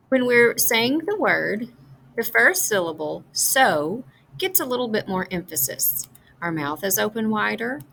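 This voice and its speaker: A woman giving a scripted phonics lesson, explaining sounds slowly and clearly. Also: mid-range voice, a bit bright, slight background noise, poor audio. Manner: slow, clear teaching delivery. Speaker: reading teacher.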